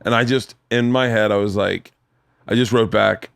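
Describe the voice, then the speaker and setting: A man in his forties hosting a podcast from his home studio, telling stories in profane, animated casual chat. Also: normal speed, creaky, no room sound. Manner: profane, animated storytelling, pitch rising when worked up. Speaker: podcast host.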